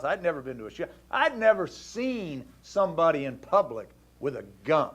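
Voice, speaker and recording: High-voiced, lively male talk show host. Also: moderate pace, hardly any pauses. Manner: animated, acts out dialogue in the story. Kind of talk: casual storytelling to a caller.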